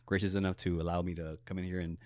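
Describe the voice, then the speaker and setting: A young man hosting a casual interview in a small office, animated and laughing often as he tells stories. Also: sits low, very fast, no echo, clean studio sound. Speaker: podcast host.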